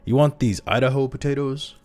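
A man's voice: mid-range voice, fairly quick, darkish tone, soft background music, pitched above the performer's own voice, close to an everyday voice. A man reading a story aloud, voicing a friendly, chatty grocer behind a shop counter. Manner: chatty and pleasant. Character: friendly middle-aged male shop grocer.

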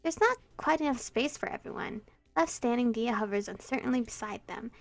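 Lively young woman reading a game aloud. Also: on the high side, a little fast, gravelly, no room sound, soft background music. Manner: animated, giggly, playful reading with sudden loud outbursts. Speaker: let's play streamer. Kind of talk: reading a visual novel aloud with voices.

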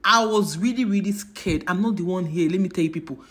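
A woman's voice: on the low side, brisk, fairly bright tone. A woman, retelling her experience in a casual vlog with dramatic, emphatic repetition. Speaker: travel vlogger.

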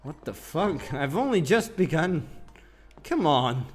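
A man's voice: fairly high pitch, sing-song, slow, soft background music. A young man giving casual commentary while playing a game, grumbling, swearing and mocking himself. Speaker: gaming channel host.

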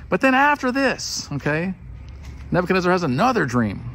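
A man retelling a Bible story in relaxed everyday speech, lively and animated. His pitch rises and falls a lot, with a faint hum of noise behind him. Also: fairly quick, gravelly. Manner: animated and conversational. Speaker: preacher.

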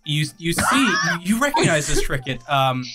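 A game master narrates a tabletop scene haltingly, with many pauses and restarts. The pitch moves a great deal. Soft music sits underneath. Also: big pitch swings. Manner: halting, full of ums and restarts.

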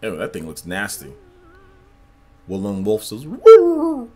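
A man streaming gameplay live, talking to his chat in an animated, repetitive way. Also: low-pitched, measured pace. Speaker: gaming livestreamer.

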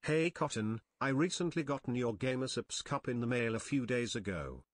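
Text-to-speech male voice, reads chat messages, stiff, lively pitch swings. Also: normal speed, no echo. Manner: stiff synthetic delivery, odd phrasing read literally. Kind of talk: synthetic reading of chat messages.

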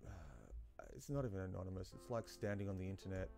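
Gaming vlogger, male, low fry-edged voice, meandering self-talk over gameplay, faint background music. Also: expressive, fast talker, mellow. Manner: rambling, self-talking, with many fillers and asides. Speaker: gaming YouTuber. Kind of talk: casual commentary while playing a game. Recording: faint game music behind.

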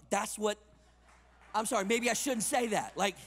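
A man delivers a sermon with a high, bright voice. His delivery is emphatic, rising to loud punches and dropping to quiet asides. The sound carries the long reverb of a large conference hall. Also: a little fast. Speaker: conference speaker.

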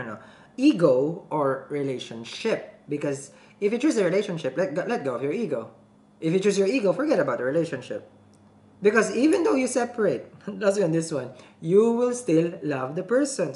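A woman's voice: lowish voice, darkish tone. A woman giving a casual tarot reading to camera, chatty, laughing often and checking in with her viewers as she goes. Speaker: tarot reader. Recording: roomy echo, faint background noise.

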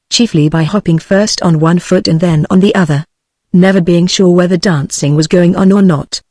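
A woman's voice: on the low side, no room sound, studio quality. Synthetic British woman reading a book. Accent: British English. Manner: even, measured synthetic reading. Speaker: audiobook narrator. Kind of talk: text-to-speech book reading.

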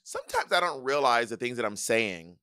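A man's voice: mid-range voice, sing-song, a little fast, bright, forceful tone, no echo, studio quality. A man with a Southern US accent, co-hosting a podcast in casual, rambling chat full of restarts. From Southern United States. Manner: rambling, with many restarts and fillers. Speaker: podcast co-host.

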